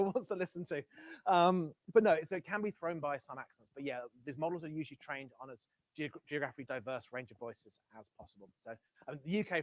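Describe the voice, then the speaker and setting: Through a Bluetooth headset on a dry recording, a man whose voice sits on the high side gives a live-coding tech talk at a meetup. He's casual, corrects himself as he goes and throws in wry comments.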